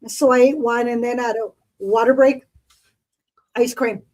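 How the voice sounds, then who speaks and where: A woman's voice: a little high, fairly even intonation, measured pace, a little mellow, low-quality recording. A middle-aged woman co-hosting a podcast, telling memories in a chatty, rambling way. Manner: chatty, rambling, with many fillers and colloquial speech. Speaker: podcast co-host. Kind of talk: casual chat.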